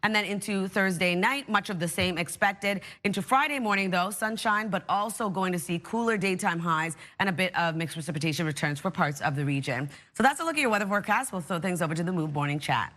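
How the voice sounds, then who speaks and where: A woman presenting a TV weather forecast briskly and chatting on the morning show. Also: lowish voice, fairly bright tone. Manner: brisk, reads the forecast evenly. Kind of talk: weather forecast and casual chat.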